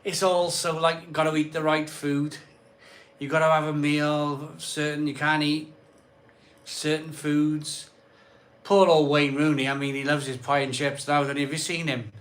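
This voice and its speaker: Bloke chatting on a live stream from his home bar, slightly high voice, rambles and repeats stuff. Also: level tone, a little slow, fairly bright tone. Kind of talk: casual live chat reading comments. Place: cold home conservatory bar.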